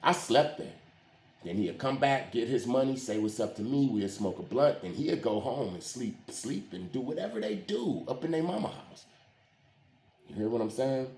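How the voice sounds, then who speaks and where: Man, casual storyteller, slangy street talk, animated pitch, echoey room. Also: moderate pace. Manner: slangy street talk with frequent "you hear what I'm saying". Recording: roomy echo.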